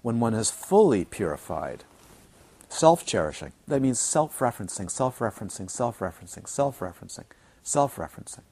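A man teaching a dharma talk to retreat students, playful and animated, repeating words for emphasis and mimicking his students. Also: fairly low pitch, normal speed, husky. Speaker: Buddhist teacher. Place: retreat centre teaching hall.

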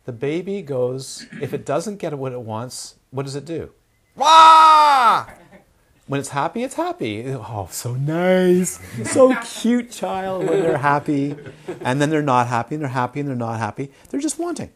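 A man's voice: fairly high pitch, normal speed. A man giving a Dharma talk to students, full of rhetorical questions and playful asides. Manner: animated, asks rhetorical questions, acts out crying babies. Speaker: Dharma teacher.

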